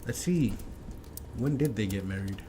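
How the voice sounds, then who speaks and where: A man's voice: lowish voice, animated, moderate pace, mellow, slight background noise. A man hosting a casual reaction commentary, blunt and wry, talking slangily to his viewers. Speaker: commentary host.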